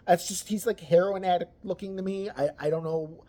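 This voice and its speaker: A person ranting about celebrity gossip, crude and mocking, swearing constantly and swinging between loud outbursts and low mutters. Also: steady tone, fairly quick. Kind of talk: profane ranting commentary.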